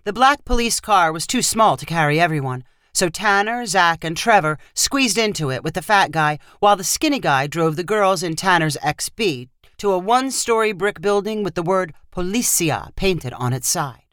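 A woman narrating a short fiction story with steady, expressive storytelling. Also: fairly low pitch, normal speed, hardly any pauses, no room sound, studio quality.

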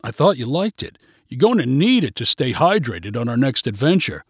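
A man's voice: medium pitch, big pitch swings, moderate pace, husky, dry recording, clean studio sound. A man voicing an earnest, frustrated young boyfriend in a read-aloud story. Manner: earnest, exasperated.

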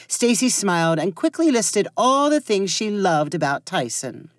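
A woman narrating a story aloud in an expressive reading voice. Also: mid-range voice, moderate pace, hardly any pauses, no echo, studio quality.

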